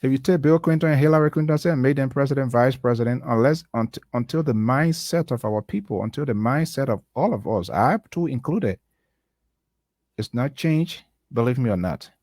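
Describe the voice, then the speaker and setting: A man's voice: medium pitch, moderate pace, a little mellow, no room sound, studio quality. A man, speaking as a guest on a radio talk show in an impassioned, preachy tone that drives points home by repeating them. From Liberia. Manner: preachy, emphatic, repeats key phrases. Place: radio studio.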